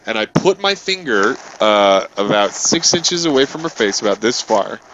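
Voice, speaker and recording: A gaming host tells a heated story over gameplay, animated and cursing freely with many restarts, in a casual manner. He speaks at normal speed in a lowish voice, with the highs cut off and slight background noise.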